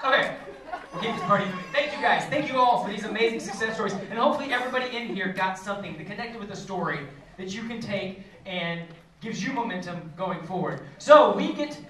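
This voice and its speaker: A woman's voice: medium pitch, expressive, fast talker. A woman hosting a live event, with bubbly, laughing banter between speakers. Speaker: event host. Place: large hall with an audience. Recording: echoey hall from far off, crowd noise.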